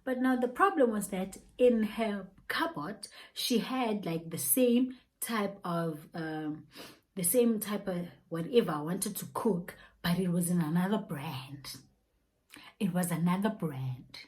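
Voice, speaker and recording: A young South African woman with a South African accent telling an animated story, laughing often and dropping local slang. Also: on the low side, measured pace, poor audio. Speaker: YouTuber. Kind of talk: casual storytime.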